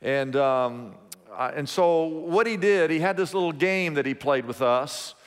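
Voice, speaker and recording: A middle-aged man, a pastor, telling a story in a sermon, his voice rising high at the exciting moments. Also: unhurried, smooth. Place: church sanctuary. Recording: long hall reverb.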